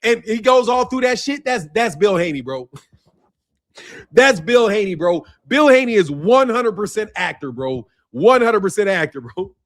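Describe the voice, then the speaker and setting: A man with a fairly high voice rants to his audience about boxing. He mocks and taunts in a profane, heated way, laughing between lines and repeating his points over and over. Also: big pitch swings, normal speed. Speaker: boxing channel host. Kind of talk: mocking rant to camera.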